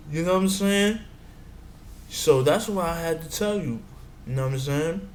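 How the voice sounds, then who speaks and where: A man's voice: a little high, moderate pace, pauses often. A man giving advice in a meandering casual monologue, often saying "you know what I'm saying". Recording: echoey room with faint background noise.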